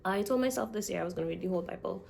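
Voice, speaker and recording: A woman's voice: mid-range voice, racing, vocal fry, darkish tone, a little hiss or hum. A young woman vlogging in a casual, chatty way, speaking straight to her viewers. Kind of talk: casual chat.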